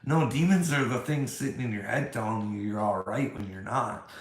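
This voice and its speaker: A mid-range male voice at normal speed rings out with reverb. The video creator rants combatively at a critic, throwing rhetorical questions. He swears a great deal and repeats "bud" and "you know what I mean."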